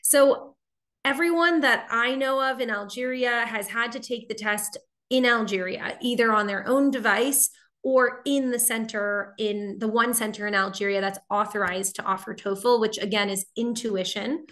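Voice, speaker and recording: A woman's voice: a little high, moderate pace, a bit bright. A woman from Boston with a neutral General American accent, teaching a live online lesson in a chatty way and answering viewer questions as she goes. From Boston, United States. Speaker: TOEFL teacher.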